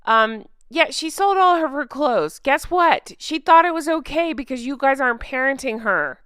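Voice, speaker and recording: A woman's voice: high-pitched, animated, normal speed, fairly bright tone, dry recording, studio quality. A woman hosting a TV recap, ranting in an exasperated, sarcastic way and often breaking off mid-sentence. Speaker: show recap host.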